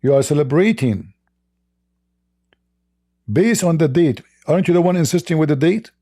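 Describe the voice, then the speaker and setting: A man's voice: fairly high pitch, expressive, moderate pace, mellow. A man with an Arabic accent speaking to viewers as an online religious debater, sarcastic and repetitive, with stammering restarts. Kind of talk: addressing viewers in a stream.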